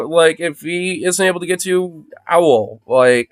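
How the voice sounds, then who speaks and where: A man's voice: on the high side, normal speed, few pauses, clean tone, no room sound. A man chatting casually on a phone livestream, rambling and swearing freely, with lots of fillers. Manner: rambling, profane, heavy use of fillers.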